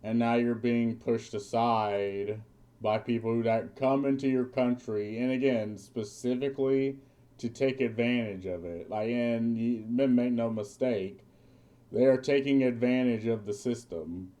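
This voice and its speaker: A man's voice: medium pitch, fairly even intonation, unhurried, dark tone. A man streamer giving a blunt, profane, ranting commentary while reacting to a video, now and then mocking others in put-on quotes.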